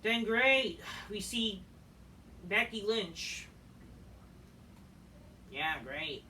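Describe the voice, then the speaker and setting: Foul-mouthed wrestling reviewer, scornful rant, bright edgy tone, recorded a bit far from the mic. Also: mid-range voice, expressive, extremely slow. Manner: crude, scornful, ranting, swears constantly. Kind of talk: profane ranting recap. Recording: distant mic with faint noise.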